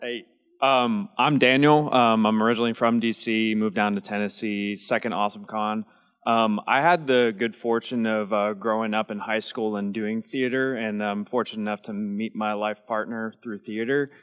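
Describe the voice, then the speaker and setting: Fan at the mic, lowish man's voice, halting, lots of ums, hall echo. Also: steady tone, a bit bright, clean tone. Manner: hesitant, many ums and likes. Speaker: fan asking a question. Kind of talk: audience question at a panel. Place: large convention hall. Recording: long hall reverb.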